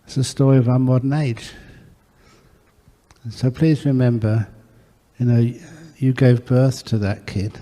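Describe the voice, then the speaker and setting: Male monk teacher, mellow voice, anecdotal dharma talk, long-reverb monastery hall. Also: medium pitch, steady tone, measured pace, long pauses. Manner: warm anecdotal storytelling with acted dialogue.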